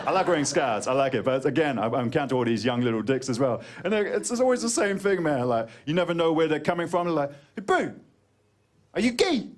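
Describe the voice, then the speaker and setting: Lively New Zealand man doing stand-up. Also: on the high side, fast talker, few pauses. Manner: animated, jokey storytelling with put-on voices. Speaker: stand-up comedian. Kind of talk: stand-up comedy set. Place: comedy venue stage before a live audience. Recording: crowd laughter and background noise on a live recording. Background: audience laughter.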